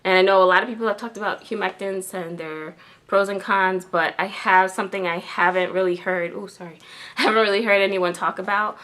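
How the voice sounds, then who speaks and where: A woman's voice: medium pitch, fairly even intonation, brisk, a bit bright. A woman vlogger chatting casually to her viewers, full of "like" and "um" fillers. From New York. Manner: chatty, lots of "like" and "um". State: tearful with joy. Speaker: beauty vlogger. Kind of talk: casual chat to camera.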